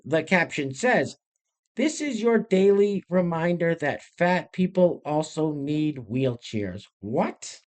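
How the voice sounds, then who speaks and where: Sarcastic male commentary host, lively pitch. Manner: sarcastic, mocking asides. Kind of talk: scripted commentary on video clips.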